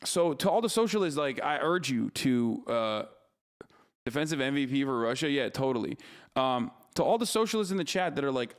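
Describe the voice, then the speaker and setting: A man's voice: medium pitch, big pitch swings, normal speed. A man in his thirties ranting profanely and mockingly as a livestream streamer reacting to content.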